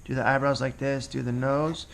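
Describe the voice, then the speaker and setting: A man's voice: medium pitch, normal speed, vocal fry, slight background noise. A man teaching a casual cartooning lesson, chatting and thinking aloud as he draws. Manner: relaxed, chatty, thinking aloud while drawing. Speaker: cartooning instructor. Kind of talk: casual drawing tutorial.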